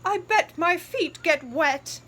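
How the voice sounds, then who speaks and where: A woman plays a storybook mother pig, fussing and exasperated, her voice pitched high and lively. She speaks at a slow storybook pace, with a faint hiss underneath. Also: heavily acted.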